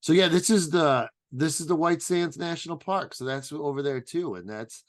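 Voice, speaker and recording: Man, podcast co-host, animated storyteller, swears a lot, dry close mic. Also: moderate pace, no echo. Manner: animated, swears freely, acts out quotes in a loud high voice. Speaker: stand-up comedian. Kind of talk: casual storytelling chat.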